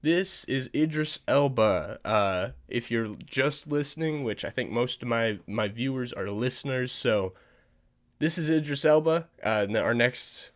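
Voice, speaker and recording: A man's voice: mid-range voice, unhurried, hardly any pauses, fairly bright tone. Chatty man rambling about movie news. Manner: rambling, restarts often, chuckles at himself. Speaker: podcast host. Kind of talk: casual movie news chat.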